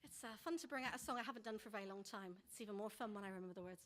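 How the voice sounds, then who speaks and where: A singer-songwriter woman chatting to a live audience between songs in a bookshop coffee house, in a chatty, self-deprecating way with quick asides. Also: mid-range voice, background noise. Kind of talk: casual between-song chat to a live audience.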